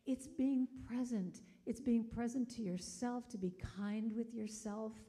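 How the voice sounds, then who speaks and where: Middle-aged lady preaching, fairly high voice, chatty, acts out all the quotes. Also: normal speed, few pauses. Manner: chatty, animated storytelling with acted-out quotes. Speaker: guest speaker. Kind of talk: sermon storytelling. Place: church sanctuary.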